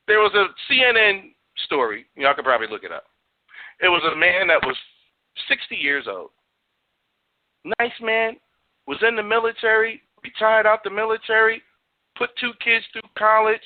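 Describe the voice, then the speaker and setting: A man's voice: high-pitched, lively intonation, moderate pace, narrow, tinny audio. A man hosting a radio talk show, preaching and cursing in a stream of rhetorical questions.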